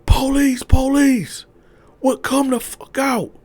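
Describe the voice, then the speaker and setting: A man voicing aggressive police officers who bark harsh, loud commands. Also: extremely high pitch, fairly even intonation, slow pace, breathy edge, voice pushed up, heavily acted.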